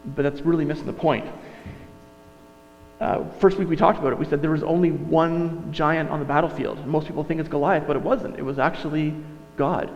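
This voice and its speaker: A man's voice: a little high, fairly even intonation, a little fast, creaky. Chatty male pastor in a reverberant hall. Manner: conversational, self-correcting, with asides. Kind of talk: sermon. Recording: dull sound, long reverb, mains hum.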